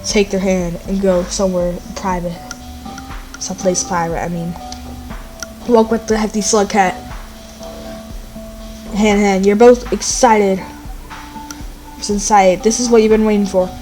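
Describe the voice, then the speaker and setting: A woman's voice: medium pitch, fairly even intonation, a little slow, pauses often, mellow, faint music behind. A woman reading a text adventure aloud in a casual, playful, joking way. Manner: playful, joking narration with restarts.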